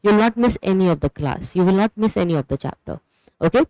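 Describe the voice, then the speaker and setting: A teacher with an Indian English accent delivers an online history lecture for exam preparation. The voice is clear and smooth, with a dry, close sound and no room echo. The delivery explains step by step and keeps checking in with "okay" while pointing things out on a map. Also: mid-range voice, expressive, quick pace, darkish tone.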